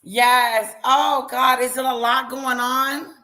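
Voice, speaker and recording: A woman hosting a casual live stream, talking loudly and chatting with her viewers by name. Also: sits high, level tone, takes it slowly, rough recording. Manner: loud, talks to chat viewers by name.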